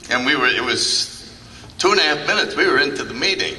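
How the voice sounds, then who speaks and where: An older man speaks at a medium pitch with lively intonation, a quick pace and a sharp tone, over a little hiss or hum. He's a recovery meeting speaker telling funny anecdotes to a convention audience, acting out the remarks he quotes. The sound is echoey, captured from a distance in a large convention hall.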